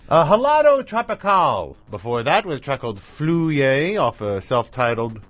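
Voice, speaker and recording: A man's voice: mid-range voice, wildly swooping pitch, moderate pace, few pauses, fairly bright tone, husky. A man hosting a radio music show, back-announcing tracks in a chatty, rambling, self-mocking way with asides to his dog. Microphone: studio mic with headphones.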